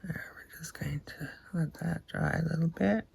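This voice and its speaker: Husky, half-whispering woman crafting. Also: low-pitched, moderate pace, darkish tone. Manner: murmurs to herself, often drops to a whisper. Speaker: craft vlogger. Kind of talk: casual crafting chat.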